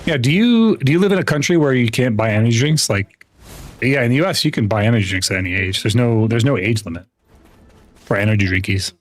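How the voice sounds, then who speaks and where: A man's voice: mid-range voice, lively intonation, quick pace. A young man chatting casually with viewers while livestreaming a game, rambling with lots of restarts and easy laughs. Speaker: gaming livestreamer. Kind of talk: casual chat while gaming.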